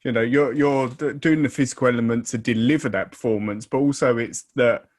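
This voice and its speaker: A man's voice: mid-range voice, steady tone, fairly quick. A man hosting a podcast, asking long, thoughtful questions full of hedges. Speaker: podcast host. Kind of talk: interview questions.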